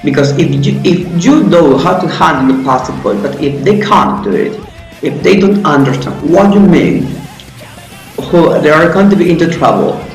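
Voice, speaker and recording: Fairly high-voiced male teacher in an echoey room. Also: lively intonation, moderate pace. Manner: explains and asks questions to himself, with frequent restarts. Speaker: English teacher. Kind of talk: casual online grammar lesson. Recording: echoey room with faint music.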